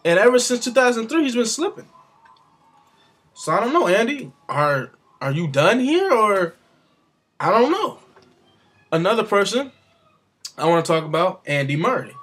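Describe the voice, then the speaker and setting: A man's voice: sits high, fairly bright tone, slightly rough. A man giving his casual, rambling opinions on the sport, with offhand asides. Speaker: sports commentator vlogger.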